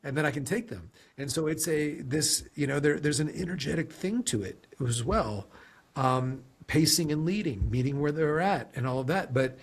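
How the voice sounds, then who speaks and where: A man's voice: on the high side, lively intonation, normal speed, breathy edge. A man being interviewed as a guest on a podcast, talking in a reflective, rambling way and often saying "you know". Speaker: podcast guest, sales leader. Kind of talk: conversational interview.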